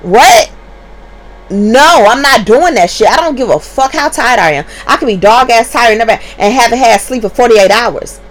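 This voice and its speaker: A woman's voice: fairly high pitch, lively intonation, normal speed. A young woman and mother telling a story to her viewers in a casual, profane and emphatic way.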